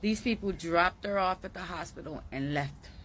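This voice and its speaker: A woman's voice: on the low side, moderate pace, a bit bright, slight background noise. Urgent, emphatic woman addressing viewers. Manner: urgent, emphatic, repeating herself. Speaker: commentator. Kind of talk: emotional social media commentary.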